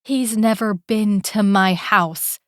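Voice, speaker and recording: A woman voicing a defiant, sharp-tongued young woman in an audiobook, delivering biting, sarcastic retorts. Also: a little high, a little slow, dry recording, studio quality, pitched above the performer's own voice, close to an everyday voice. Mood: irritated. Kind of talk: audiobook character voice.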